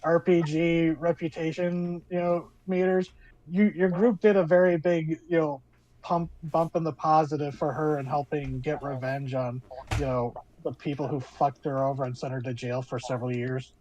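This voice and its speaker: A man's voice: a little high, flat delivery, moderate pace, a little mellow, muffled recording. A man narrating as game master of a tabletop game, rambling with many fillers.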